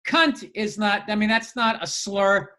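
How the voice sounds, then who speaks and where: A man co-hosting a podcast in casual chat, rambling and swearing freely with animated asides. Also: high-pitched, a little slow. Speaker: podcast co-host.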